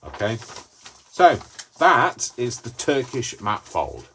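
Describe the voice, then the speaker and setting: A man's voice: mid-range voice, huge pitch swings, slow pace, background noise. A man hosting a live paper-folding craft demonstration, chatty and giggly, tired and giddy from lack of sleep, often talking to himself as he works. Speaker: crafting video host.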